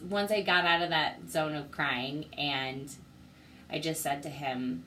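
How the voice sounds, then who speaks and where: Young woman vlogger, low and unhurried, heartfelt, faint room hiss. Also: fairly even intonation, a bit bright, poor audio. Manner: heartfelt and grateful, speaks through emotion. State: teary. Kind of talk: personal video diary.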